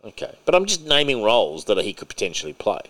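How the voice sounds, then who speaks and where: A man hosting a podcast in casual chat, excitable and opinionated, swearing freely. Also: lowish voice, fast talker. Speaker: podcast host. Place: podcast recording.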